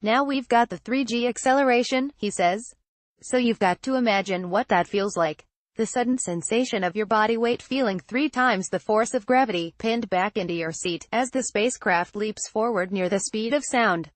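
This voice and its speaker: A woman reading a news feature in a measured, scripted narration, reading quoted lines in the same even voice. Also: fairly high pitch, no room sound. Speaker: news reader.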